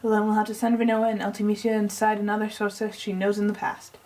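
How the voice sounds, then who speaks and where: A woman's voice: medium pitch, monotone, fast talker, darkish tone, lightly acted, rough recording. A woman reading out the lines of a pompous, eccentric male scientist as he lays out a long plan, with a half-tried put-on accent she keeps dropping. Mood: lecturing. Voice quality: tries a put-on accent and drops it. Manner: reads long exposition aloud. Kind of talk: reading game dialogue aloud.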